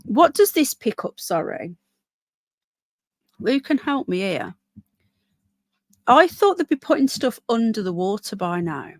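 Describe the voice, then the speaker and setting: A hoarse woman live-streaming outdoors in a small town, chatting with viewers and reading news aloud. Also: on the high side, very animated, unhurried, pauses often, no room sound. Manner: chatty, reads out viewer comments and news text. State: hoarse, voice keeps going. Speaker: livestreamer.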